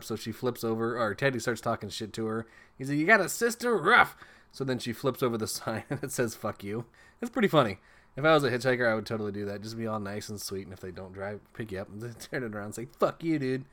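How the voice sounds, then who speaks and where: Profane laid-back man recapping a movie. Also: medium pitch. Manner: crude, jokey, laughs while retelling scenes.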